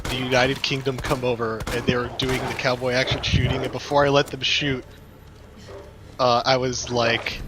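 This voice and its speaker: A man casually telling anecdotes on a gaming stream, relaxed and amused by his own stories. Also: mid-range voice, a little slow, background noise. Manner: relaxed storyteller, laughs at his own pranks.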